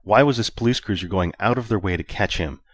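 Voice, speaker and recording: A man narrating an audiobook in a steady, even storytelling manner. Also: sits low, quick pace, dry recording. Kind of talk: scripted narration.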